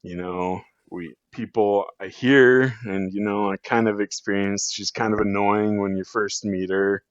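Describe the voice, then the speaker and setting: A man's voice: on the low side, steady tone, a little slow, no room sound. A man talking as a podcast guest in a rambling, casual way, full of fillers and restarts. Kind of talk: casual chat. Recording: dull lo-fi sound.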